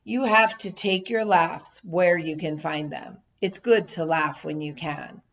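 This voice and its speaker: A woman reading a first-person memoir as an audiobook narrator, measured and steady, now and then raising her voice for quoted shouts. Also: deep voice, gravelly. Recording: dull lo-fi audio.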